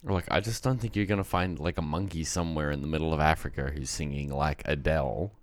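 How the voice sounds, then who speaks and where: A man's voice: rumbling low, fairly even intonation, fast talker, no room sound. A man co-hosting a casual podcast chat, trading wry, offhand jokes.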